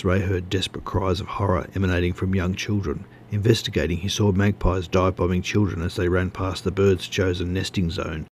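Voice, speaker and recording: Deep-voiced man reading a story. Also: a little mellow, slight background noise. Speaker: narrator.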